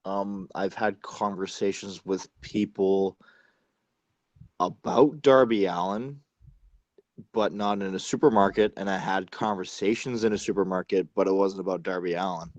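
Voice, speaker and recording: Low-voiced canadian man, lots of uh's, dry close mic. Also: a little mellow, no room sound, muffled recording. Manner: halting, many uh fillers and restarts. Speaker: guest wrestler. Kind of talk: casual interview chat.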